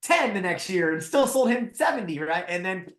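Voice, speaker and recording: A man from Southern California, a podcast guest, telling his story in a casual, animated way and acting out the people he quotes. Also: sits high, moderate pace. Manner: animated storyteller, acts out quotes, says "like" and "right?" a lot. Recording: echoey room.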